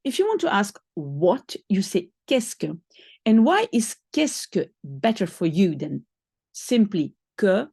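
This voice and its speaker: Slow, husky woman teacher. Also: mid-range voice, sing-song, mellow, no echo, clean studio sound. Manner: patient, step-by-step explaining with frequent rephrasing. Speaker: language teacher. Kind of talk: explaining a French lesson to one learner.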